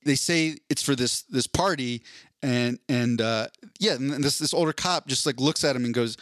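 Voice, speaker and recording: A man's voice: medium pitch, moderate pace, no room sound, studio quality. A man, co-hosting a casual podcast and telling a story, laughing often and acting out what others said. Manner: animated storyteller, laughs often, acts out quotes. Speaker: podcast co-host.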